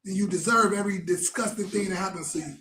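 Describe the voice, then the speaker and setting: A man's voice: high-pitched, fast, echoey room, heavy background noise. A man preaching a fervent, blunt sermon with lots of repetition.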